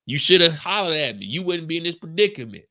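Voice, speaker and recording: A man voicing a hardened young street boss who talks bluntly in a low voice. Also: big pitch swings, quick pace, sharp tone, heavily acted. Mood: tough, blunt.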